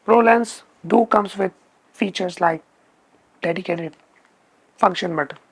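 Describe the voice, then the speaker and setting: Gravelly, slow-talking man. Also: high voice, dry recording. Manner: emphatic, repeats words for stress. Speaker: photography channel host. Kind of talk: casual spoken lens review.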